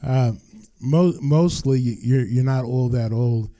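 Slow, dark-voiced older preacher. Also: male voice, medium pitch, no room sound. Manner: earnest, emphatic preaching with repeated phrases. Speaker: pastor. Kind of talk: sermon.

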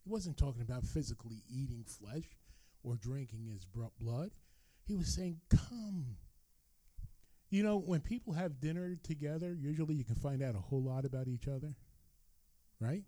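A man preaching a sermon, reading scripture aloud and breaking in with his own asides. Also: no room sound. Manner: expressive Bible reading with asides, animated rises and drops in pitch.

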